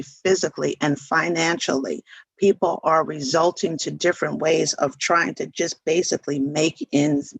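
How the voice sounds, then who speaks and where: A man's voice: a little high, gravelly, a bit bright, husky, no room sound, rough recording. A man presenting a scam-prevention seminar to seniors. He speaks earnestly and repeats words for emphasis. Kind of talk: informational talk to seniors.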